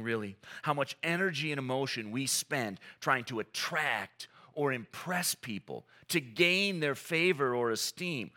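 A male pastor delivers a sermon with an earnest, emphatic style, leaning into dramatic pauses. His pitch swings widely from phrase to phrase, and his voice has a bright, forward edge.

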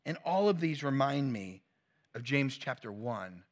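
A man's voice: mid-range voice, expressive, a little slow. A middle-aged male pastor preaching a sermon in a conversational, teasing way, laughing at his own jokes.

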